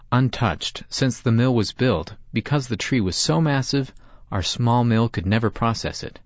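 A man reading a story aloud in scripted narration, with a measured, reflective delivery. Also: medium pitch, animated, dry recording. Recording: dull lo-fi dry recording.

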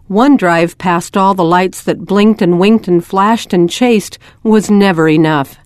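Woman narrator, gentle storybook reading, close and dry, mid-pitched. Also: measured pace, no room sound. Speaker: reader.

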